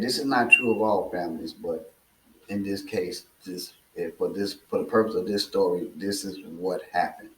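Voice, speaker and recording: Man preaching a story slow, low voice, lots of uhs, echoey room. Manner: slow and deliberate, with filler uhs and repeated phrases. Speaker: speaker. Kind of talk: preaching through a parable.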